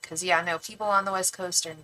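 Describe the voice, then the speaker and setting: A middle-aged woman with a Northern California accent, hosting a casual livestream tarot channel and chatting with viewers in an animated, slangy way full of "like.". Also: on the low side, fairly quick, a little hiss or hum, rough recording. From San Francisco Bay Area, California. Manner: animated and slangy, with frequent "like" and playful swearing. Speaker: tarot reader and livestream host. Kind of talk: casual livestream chat, reading viewer comments aloud.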